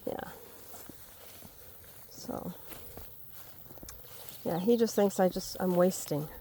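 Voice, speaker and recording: Slow and dark in tone, a woman's fairly low voice comes through with a little hiss or hum. She vlogs casually about her homestead while crossing a wet hay field, thinking out loud and calling her dogs, with dogs and rural sounds in the background.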